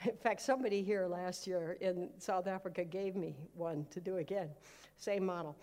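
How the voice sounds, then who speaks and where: A woman pastor giving a live sermon, telling stories with humor and acting out prayers loudly. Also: lowish voice, fairly even intonation, normal speed.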